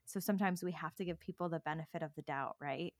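A woman's voice: deep voice, quick pace, dry recording, clean studio sound. A woman co-hosting a casual podcast, speaking earnestly with frequent "like"s and easy laughter. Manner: earnest, laughs often, says "like" a lot. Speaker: podcast co-host. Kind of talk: casual chat.

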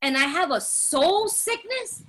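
A woman with a high, bright voice tells her personal story in an animated and dramatic way, stressing her words and laughing often. She speaks straight to her listeners, as at a recovery meeting. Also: a little slow. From Latin American heritage. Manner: laughs often while talking. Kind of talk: personal testimony talk.

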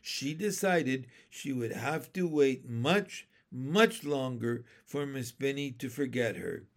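A man narrating a children's chapter book aloud in a steady, gentle storytelling way. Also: mid-range voice, slow pace. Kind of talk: audiobook narration.

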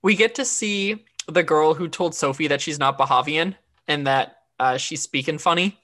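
A woman's voice: deep voice, normal speed, fairly bright tone. A woman co-hosting a podcast, recapping an episode in casual chat with lots of fillers and restarts. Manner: chatty, frequent fillers and restarts. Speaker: podcast co-host.

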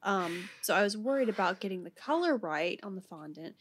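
A woman's voice: mid-range voice, lively intonation, a little fast, slight background noise. A woman telling a funny story in a casual chat, with fillers and bursts of laughter. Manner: chatty, laughing, frequent fillers. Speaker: podcast co-host.

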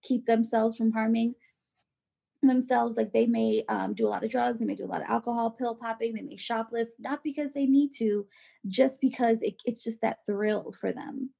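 A woman co-hosting a podcast in casual chat, animated and filler-heavy, acting out quoted voices. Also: a little high, normal speed, gravelly, breathy edge. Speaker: podcast co-host.

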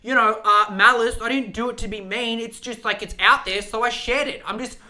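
A breezy young woman explaining herself in a lifted, innocent tone, all airy excuses, as a podcast host puts her on with a raised pitch. She comes across as self-assured and sweet on the surface. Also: fairly even intonation, brisk, bright, forceful tone, exaggerated voice. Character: gushing young woman defending herself airily.

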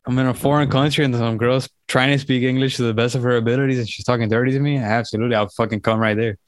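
A man's voice: medium pitch, fairly even intonation, very fast, smooth, dry recording. A man co-hosting a podcast, joking bluntly and crudely in casual chat. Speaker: podcast co-host.

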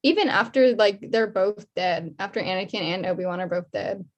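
A young woman co-hosts a podcast, chatting casually in a mid-range voice at a fairly quick pace. Her talk is full of fillers and laughs.

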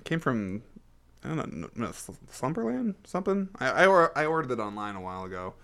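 A man's voice: medium pitch, very animated, a little fast, a bit bright, no room sound. A man hosting a casual podcast, joking and rambling with frequent restarts. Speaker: podcast host. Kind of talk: casual chat.

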